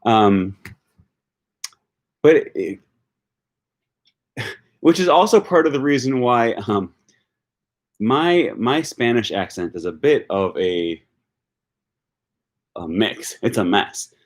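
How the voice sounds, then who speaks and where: A man's voice: medium pitch, very animated, slow, long pauses. A man talking off the cuff on his own channel about learning languages, with many fillers and restarts. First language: English. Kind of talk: unscripted video talk.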